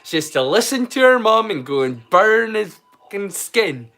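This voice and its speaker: A Scottish man with a notably high voice, hosting a relaxed live stream. He rambles chattily to his viewers in loose, offhand talk and drops the odd swear. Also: normal speed, faint music behind. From Scotland. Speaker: live-stream storyteller host. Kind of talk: casual live-stream chat.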